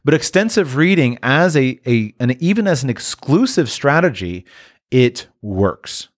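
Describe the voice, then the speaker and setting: A man's voice: mid-range voice, sing-song, unhurried, dry recording, studio quality. A man speaking in a casual monologue as a parent, thoughtful, often restarting and trailing off. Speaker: parent talking about language learning.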